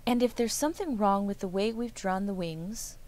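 A woman's voice: medium pitch, animated, normal speed, a little mellow, natural voice. A woman voicing an eager young boy in a children's story, talking in an eager, pleading way.

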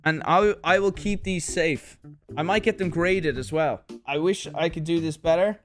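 A young man, chatting casually on a livestream as he opens viewer parcels, animated and swearing freely as he reads letters aloud. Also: fairly high pitch, moderate pace, faint music behind. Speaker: streamer host. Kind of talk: casual livestream unboxing chat.

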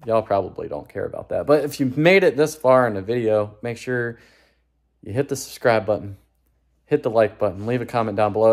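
A young man talking casually to his viewers in a relaxed, rambling way with lots of fillers. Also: fairly low pitch. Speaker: hunting vlogger. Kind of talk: casual vlog talk.

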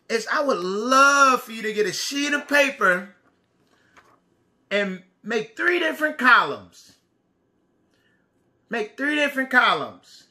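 A man teacher who reads a picture book aloud to young children, speaking slowly and deliberately and asking them questions. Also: extremely high pitch, pushed and bright.

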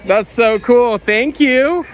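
A woman's voice: on the high side, slow, low-quality recording. A woman vlogging a family day at an outdoor zoo, playfully teasing and chatting with her kids. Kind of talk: casual family vlog chat.

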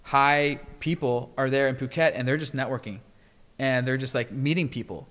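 A man hosting a podcast, talking in a loose, rambling way with many fillers and getting animated as he tells stories. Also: medium pitch, normal speed, big-room sound. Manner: rambling, heavy filler words, animated when telling stories. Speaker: podcast host. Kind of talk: casual chat.

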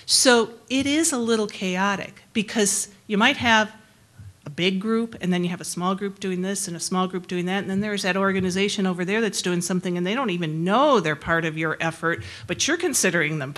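A woman's voice: mid-range voice, moderate pace, a bit bright. A middle-aged woman giving a conversational presentation to a forum as a public health researcher, plain-spoken and friendly, laughing easily between points.

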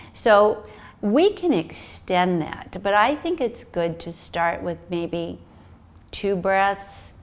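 A middle-aged woman teaching meditation, talking soothingly and demonstrating breaths and sighs aloud. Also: fairly low pitch. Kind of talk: guided meditation instruction.

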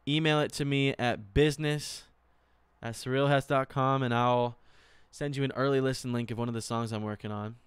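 A young man, a singer, chatting casually with viewers at the end of his live stream in a relaxed, thankful way. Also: mid-range voice, normal speed, smooth, dry recording.

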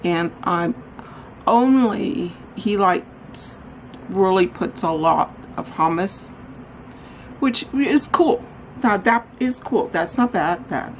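Speaking slowly in a medium pitch with lively intonation, this woman chats through a rambling, self-deprecating vlog while running errands, later continuing at home. The recording is rough, with slight background noise.

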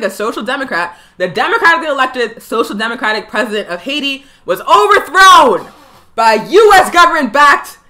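A woman's voice: sits high, pushed and bright. A young woman hosting a live political talk show, fiery and emphatic, hammering points home by repeating phrases. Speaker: political education show host.

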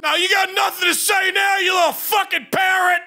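A man playing a brash, relentless redneck drill sergeant who shouts mocking insults over a game headset. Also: very high voice, flat delivery, brisk, a little hiss or hum, exaggerated voice. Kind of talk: trolling in online game voice chat.

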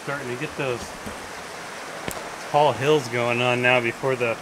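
Laid-back young guy on a creek hike, middle pitch, loud stream behind on camera mic. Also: steady tone, unhurried. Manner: laid-back, brief remarks. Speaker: vlogger's partner. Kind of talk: casual chat on a hike. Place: outdoors on a creek trail in the woods. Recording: outdoor camera audio with stream noise.

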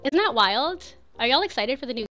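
A woman in her thirties streaming a game, giggling and rambling as she plays. Her voice is high and bright, and it jumps around animatedly. Game music plays faintly underneath. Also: animated, brisk. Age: 30s. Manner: giggly, rambling, swears freely. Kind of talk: casual live gameplay chat.

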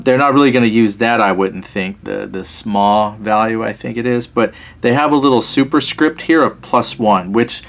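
A man at mid pitch talks his way through a solo board wargame in a casual, easygoing manner. He reads the scenario text aloud, then muses on his setup in a relaxed, self-deprecating tone. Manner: thinks aloud while reading out scenario text. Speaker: board wargame player and channel host.

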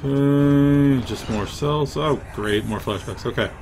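A man's voice: medium pitch, a little slow, noisy background. A man giving profane, irritable gameplay commentary, mumbling to himself as he plays, into a desk mic. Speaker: let's play gamer.

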